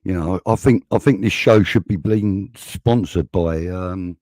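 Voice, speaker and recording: A man's voice: low voice, a little slow, dark tone, no echo. A man hosting a casual live-stream chat, rambling and reading out viewer comments. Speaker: host. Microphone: video call.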